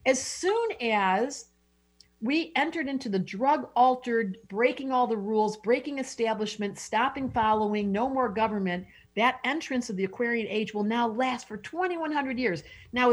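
A woman's voice: fairly high pitch, lively intonation, normal speed. A middle-aged woman, an astrologer guest, talking effusively and emotionally in an interview, often restarting her sentences. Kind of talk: enthusiastic interview talk.

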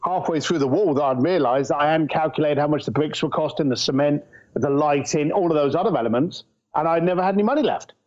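A middle-aged man from England, a guest entrepreneur telling anecdotes in an animated, storytelling way. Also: on the high side, quick pace. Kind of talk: casual storytelling interview. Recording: muffled lo-fi audio.

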